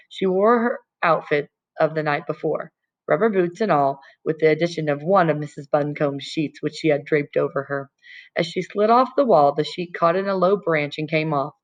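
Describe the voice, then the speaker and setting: A woman narrating a novel aloud as an audiobook reader, in a calm, even storytelling manner. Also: sits low, moderate pace, dull audio. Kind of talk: scripted narration.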